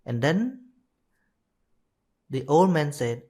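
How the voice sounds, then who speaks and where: Slow, hesitant man telling a teaching story. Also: medium pitch, a little mellow. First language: Khmer. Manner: slow, hesitant, with many restarts and self-corrections. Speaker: Buddhist monk teaching dharma. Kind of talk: live dharma talk, telling a story.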